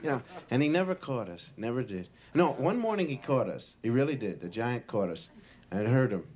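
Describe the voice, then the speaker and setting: A man's voice: medium pitch, sing-song, fairly quick. Rambling man telling stories on stage, muffled tape. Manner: loose, rambling, full of "you know". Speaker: stand-up comedian. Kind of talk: live stand-up storytelling. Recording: muffled home tape of a live show with audience and hiss. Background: audience laughter and tape hiss.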